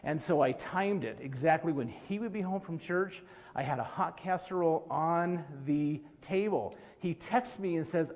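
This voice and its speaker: A middle-aged man from Utah, USA, speaks as an organization's president at a live conference, delivering an earnest speech full of stories. His voice is fairly high and darkish in tone, at a normal speed. The recording, made in a large convention hall, carries a long hall reverb.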